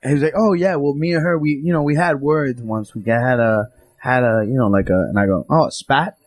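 A man's voice: mid-range voice, fairly quick, dry recording. A man co-hosting a podcast, joking and swearing in casual banter. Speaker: podcast co-host.

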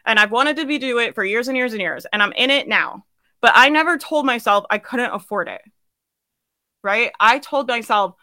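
A woman business coach giving a casual, emphatic live coaching talk. She swears, laughs often and acts out quoted thoughts in a higher voice. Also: expressive, normal speed, sharp tone, no room sound, clean studio sound.

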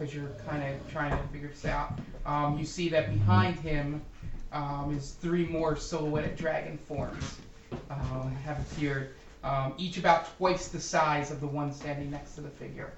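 A man's voice: a little high, fairly even intonation, moderate pace, roomy sound, recorded from a distance, lo-fi sound, background noise. A man narrating as game master of a tabletop game, describing scenes hesitantly with many ums.

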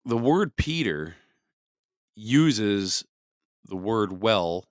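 Low-voiced man giving casual Bible commentary. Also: big pitch swings, drawn-out words, smooth, no echo, clean studio sound. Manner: conversational, frequent "you know" fillers, emphatic preaching. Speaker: podcast host.

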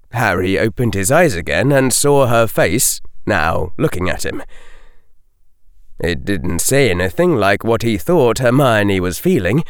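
A man narrating an audiobook in a slow, measured and expressive way. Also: fairly low pitch, smooth, no room sound, studio quality. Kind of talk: scripted narration.

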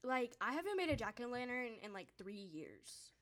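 A woman's voice: fairly high pitch, big pitch swings, moderate pace, fairly bright tone. Giggly Southern teenage girl chatting. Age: teen. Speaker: group member leading the chat. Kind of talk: casual group chat.

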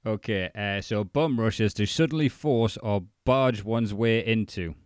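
Casting: lower-voiced male podcast co-host, playful storyteller, dry close sound. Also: clear, resonant tone, no room sound. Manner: joking, retells the story with quick asides. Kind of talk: casual chat recapping a documentary.

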